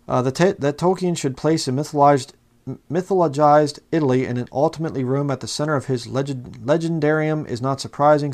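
A man with a medium-pitched, slightly mellow voice preaches with fiery passion in a religious commentary video. He reads quotes aloud from books and mocks the views of those who disagree.

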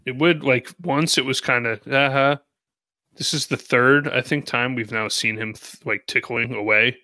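A man's voice: mid-range voice, steady tone, pushed and bright, no room sound. A man co-hosting a podcast, recapping a cartoon episode in a casual, joking way. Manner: narrates plot with jokey asides and quick impressions.

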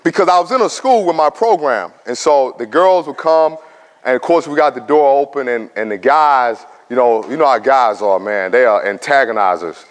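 A man in his thirties giving a motivational talk to high school students, telling stories animatedly and bantering with the audience. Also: normal speed. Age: 30s. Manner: animated storytelling, acts out quoted voices, banters with the audience. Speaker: guest speaker at a high school. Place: large school hall. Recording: long reverb in a big hall.

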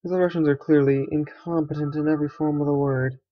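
A man's voice: on the high side, fairly even intonation, fast, no room sound, muffled recording. A young man giving casual, sarcastic commentary while playing a strategy game, often swearing and muttering to himself. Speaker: gaming let's player.

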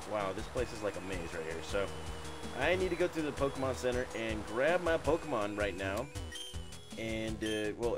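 A man giving casual, offhand walkthrough commentary on a video game, joking and trailing off into mumbles. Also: on the low side. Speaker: gameplay commentator. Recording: video game music underneath. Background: game music.

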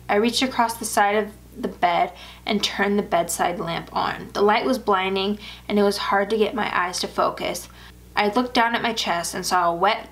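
Woman reading a horror story. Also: mid-range voice. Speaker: story narrator.

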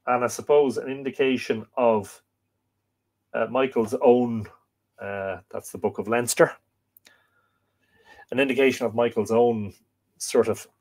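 A man hosting a live stream, chatting casually, rambling with many fillers and restarts as he reads viewer comments. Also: mid-range voice. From Ireland. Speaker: host of a live stream on Irish mythology.

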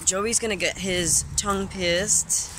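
A man's voice: high voice, fairly even intonation, slow pace. A young man, chatting upbeat and rambling in a casual vlog outdoors. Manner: upbeat, rambling, filler-heavy. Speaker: vlogger. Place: outdoors by a seafront at night. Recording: noisy outdoor phone recording with passing traffic.

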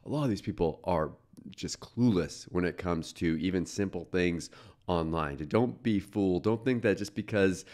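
A man with a very low voice talks casually through a video he is reacting to. He chats along with plenty of "uh" fillers, as a host speaking to his viewers. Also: moderate pace, a little mellow. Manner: chatty, with frequent "uh" fillers.

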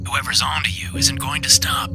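A man voicing a smug male dark-web fixer on a phone call, taunting with a smile and often half-whispering. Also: medium pitch, flat delivery, normal speed, voice pushed up, lightly acted. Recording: clear music bed behind.

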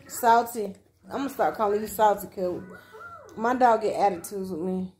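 A woman's voice: medium pitch, moderate pace, darkish tone. A tired woman vlogging at home on her phone camera, chatting casually and teasing her dog with playful exclamations. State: tired after work. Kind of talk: casual vlog chat at home. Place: home, indoors.

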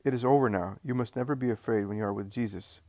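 A man's voice: medium pitch, fast talker, dark tone, no room sound, close to an everyday voice. Eager loyal fisherman, read by a man, earnest, dry close sound. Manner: earnest, encouraging.

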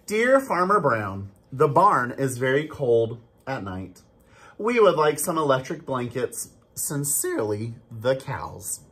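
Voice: mid-range voice, very animated, slow pace, fairly bright tone, slightly rough, exaggerated voice. A storybook reader voicing farm cows reading out a polite, formal letter. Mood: prim.

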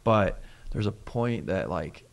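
Earnest man with a low voice. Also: expressive, slow, gravelly. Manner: earnest, emotional storytelling. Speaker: podcast co-host. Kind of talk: casual conversation.

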